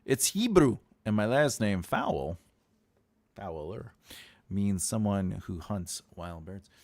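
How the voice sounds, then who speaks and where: A man's voice: fairly low pitch, big pitch swings, takes it slowly, darkish tone. A middle-aged man hosting a casual livestream, playful and laughing often, with bursts of mock-epic proclamation. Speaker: livestream host.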